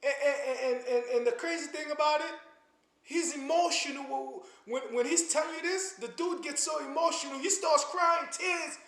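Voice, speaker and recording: New guy ranting into the camera, kinda high voice, stumbles and repeats himself, echoey room. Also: normal speed, a bit bright. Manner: impassioned, stammering restarts, preachy. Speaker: commentary channel host. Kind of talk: casual spoken commentary to camera.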